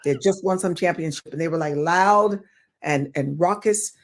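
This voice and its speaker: Older lady guest telling a story, lowish voice, lively, swears, acts out the other people. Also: normal speed. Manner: animated, acts out the people in her stories, swears freely. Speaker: guest actress. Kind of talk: storytelling in an interview.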